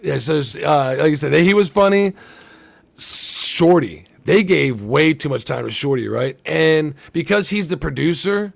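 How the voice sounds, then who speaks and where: A man's voice: fairly high pitch, expressive, unhurried, creaky. A man hosting a livestream discussion show, talking in a rambling, profane way and acting out movie lines. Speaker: podcast host. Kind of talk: casual livestream chat.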